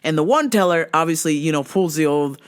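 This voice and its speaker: A woman hosting a podcast who tells stories in a profane, animated way, laughing often and acting out other people's lines. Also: low voice, a little fast. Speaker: podcast host. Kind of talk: comedic storytelling.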